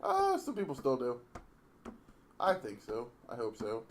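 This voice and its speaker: A man's voice: medium pitch, huge pitch swings, a little slow, slight background noise. A man co-hosting a casual wrestling podcast, rambling through the card with lots of fillers and easy laughs. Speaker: podcast co-host.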